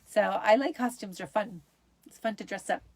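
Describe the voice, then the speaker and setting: A woman's voice: medium pitch, moderate pace, dry recording. Upbeat chatty woman hosting a show. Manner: upbeat, chatty, many fillers. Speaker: host. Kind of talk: casual solo show.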